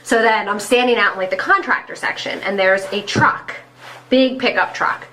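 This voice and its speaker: A woman telling an animated anecdote in an interview, acting out what people said. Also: mid-range voice, normal speed, slight background noise, poor audio. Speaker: club co-owner's sister. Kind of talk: storytelling in an interview.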